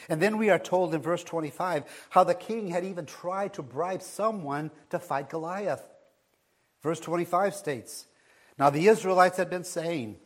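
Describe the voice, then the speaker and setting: A male pastor delivering a sermon at an unhurried, measured pace. His voice sits a little high for a man, and he leans on long pauses and sudden swells to drive his points home. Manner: slow and deliberate, dramatic pauses and swells for emphasis.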